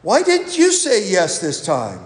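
An eager Sunday school teacher coaxes her class with bright, high questions, as a male preacher puts her on. The voice rings out in a roomy church with a long reverb. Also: huge pitch swings, a little slow, heavily acted. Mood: coaxing. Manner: questioning, coaxing.

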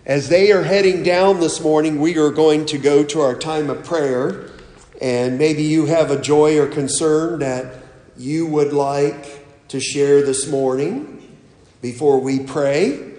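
A man giving a children's sermon as pastor, telling a story in an animated way and asking questions. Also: a little high, takes it slowly. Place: church sanctuary. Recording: echoey church hall, mic far off.

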